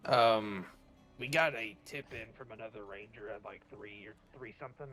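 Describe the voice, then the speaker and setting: Bright, brisk male ranger voice. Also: fairly low pitch, rough recording. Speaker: roleplay character, ranger. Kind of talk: in-character roleplay chat. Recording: faint music behind.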